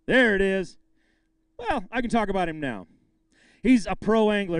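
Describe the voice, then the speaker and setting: A man with a high, smooth voice emcees a fishing tournament weigh-in. He jokes with the anglers and shouts the weights out with excitement. The sound is close and dry. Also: a little slow, long pauses, no room sound. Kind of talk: live weigh-in announcing.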